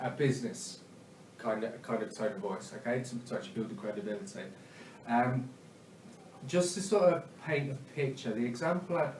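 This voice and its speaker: A man's voice: mid-range voice, darkish tone, a little hiss or hum. Hesitant male sales trainer, echoey room. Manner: hesitant, many ums and uhs, frequent "okay?" check-ins. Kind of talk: spoken training talk. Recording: echoey room, mic at a distance.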